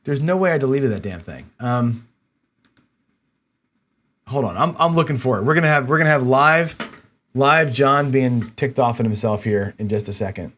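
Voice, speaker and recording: Male live-stream host, mid-pitched, casual, muttering and exasperated at his desk. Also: moderate pace, long pauses, a bit bright, a little hiss or hum. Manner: frustrated, muttering to himself while searching. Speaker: livestream host.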